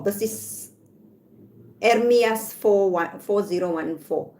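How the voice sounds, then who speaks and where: A South African woman vlogging from home, ranting and reading comments aloud, repeating her points slowly. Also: fairly low pitch, lively intonation, a little mellow, a little hiss or hum. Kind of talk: casual rant to camera.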